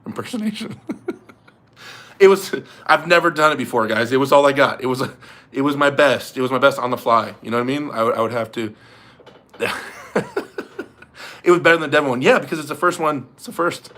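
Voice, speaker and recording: A man's voice: mid-range voice, quick pace, bright, forceful tone. A man hosting a casual livestream fundraiser, rambling and chatting with viewers and laughing often. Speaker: livestream host.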